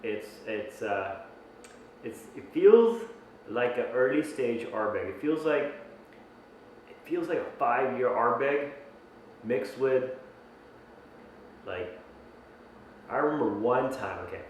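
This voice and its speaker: A man's voice: mid-range voice, slow, pauses often, slight background noise. A man giving a casual whisky tasting review, thinking aloud with many restarts and fillers. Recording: very echoey room, mic at a distance.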